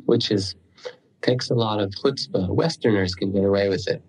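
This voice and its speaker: A man giving a dharma talk as a meditation teacher, telling stories unhurriedly with pauses and the odd throat clearing. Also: fairly low pitch, a little mellow, low-quality recording.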